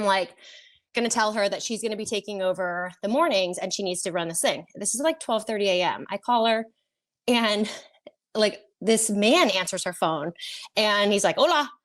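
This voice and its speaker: Lady producer telling a wild story on a podcast, swears a lot, acts out her own freak-out. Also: mid-range voice. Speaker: reality TV producer. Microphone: podcast studio mic.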